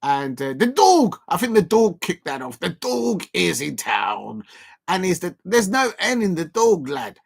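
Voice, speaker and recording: A chatty South London man hosts a live football watchalong stream, rambling as he reads and answers viewer messages. His voice is high, gravelly, and husky, with big pitch swings and an unhurried pace.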